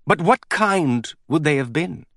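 A man's voice: fairly high pitch, expressive, measured pace, fairly bright tone, no echo, studio quality, voice pushed up, exaggerated voice. A man reading an audiobook, voicing a curious, urbane aristocrat who presses questions. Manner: probing, urbane. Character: curious, smooth-talking male aristocrat.

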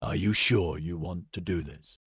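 A man's voice: low-pitched, measured pace, fairly bright tone, breathy edge, no room sound, studio quality, pitched below the performer's own voice, full character voice. A man reading an audiobook, voicing a jaded, gloating man who is under arrest, with a smug and mocking manner.

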